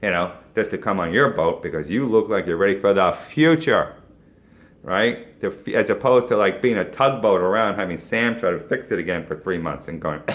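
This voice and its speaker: A man's voice: sits low, a bit bright. An advertising agency owner giving a casual, folksy business pep talk, tagging his points with "right?" and chuckling now and then. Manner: folksy, keeps asking "right?", boat metaphors, chuckles.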